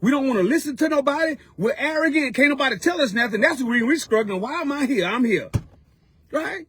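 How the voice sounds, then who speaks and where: A man's voice: extremely high pitch, lively intonation, fast talker, fairly bright tone, no room sound. A man giving a fervent, preaching-style motivational talk as a mentor, repeating his points in a colloquial way. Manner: fervent, repetitive, colloquial exhortation.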